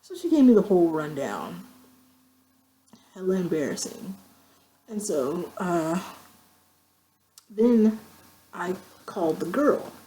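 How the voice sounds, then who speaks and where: A woman's voice: slow, pauses often, poor audio. A woman telling a long, profane story in a casual vlog, acting out quoted friends with her voice. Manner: animated, profane, acts out quoted friends with pitch jumps. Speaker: vlogger.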